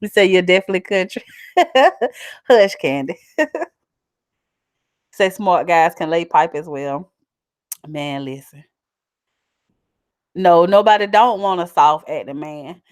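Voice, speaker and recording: A woman's voice: on the low side, measured pace, pauses often, no echo, studio quality. Chatty woman with South Carolina twang. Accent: South Carolina country twang. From South Carolina, USA. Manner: chatty, animated, laughs often. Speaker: vlogger. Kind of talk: casual chat reading viewer comments.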